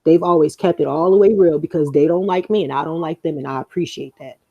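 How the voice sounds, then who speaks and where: A woman's voice: sits low, fast talker, no room sound, muffled recording. A young woman co-hosting a podcast, telling stories in a casual, profane way and acting out what people said. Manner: animated, profane, acts out quoted lines. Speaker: podcast co-host. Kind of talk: casual storytelling chat.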